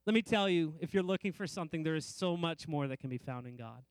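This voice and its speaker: A middle-aged male pastor with a fairly high voice delivers a sermon in rhythmic, repeated phrases. He climbs in pitch and slows down to stress his main points. The sound is dry and close, with little room echo. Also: lively intonation, clear, resonant tone. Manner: varies emphasis, rising and slowing on key phrases; repetitive, rhythmic preaching.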